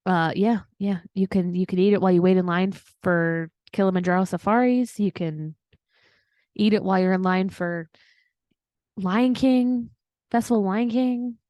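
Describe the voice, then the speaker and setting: A woman's voice: mid-range voice, moderate pace, darkish tone, no echo, studio quality. A woman co-hosting a casual podcast, bubbly and enthusiastic. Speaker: podcast co-host.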